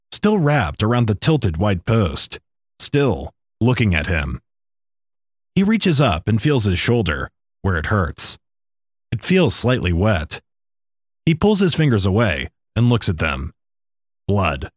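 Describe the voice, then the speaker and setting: Male narrator, measured storytelling, low voice, animated delivery, dry sound. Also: no echo. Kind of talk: audiobook narration.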